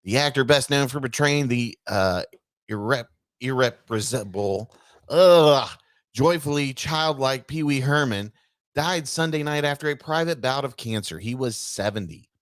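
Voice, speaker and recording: A man's voice: medium pitch, lively intonation, moderate pace, a bit bright, no echo, studio quality. A man co-hosting a casual podcast, reading a news article aloud and stumbling over words with offhand asides. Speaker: podcast co-host.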